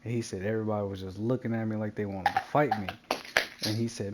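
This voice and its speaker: A man telling a wild story in casual chat while gaming, animated and profane, laughing often. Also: on the low side, fast, heavy background noise.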